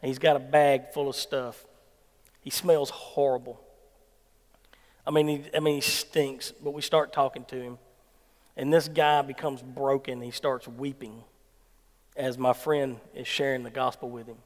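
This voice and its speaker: A man with a Southern American accent preaching a sermon as an animated storyteller. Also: medium pitch, unhurried, pauses often. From Mississippi, US South. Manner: animated storyteller who acts out quoted people. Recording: long hall reverb.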